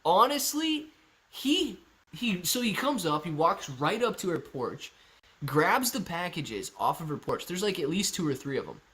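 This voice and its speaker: Energetic young man hosting a stream. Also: on the high side, normal speed, breathy edge. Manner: energetic, chatty, reads chat aloud. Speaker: livestream host. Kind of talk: live stock-market Q&A.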